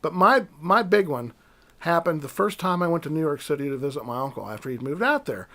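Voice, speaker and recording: A man in his fifties telling stories in a casual chat, animated, acting out the voices of people in his stories. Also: on the high side, fairly quick. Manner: storytelling, animated, mimics voices in quotes. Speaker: podcast guest.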